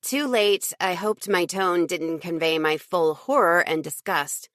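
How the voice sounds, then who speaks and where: A woman reading a first-person audiobook in an even, lightly wry storytelling voice. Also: lowish voice, measured pace, few pauses, dry recording, clean studio sound. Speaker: audiobook narrator.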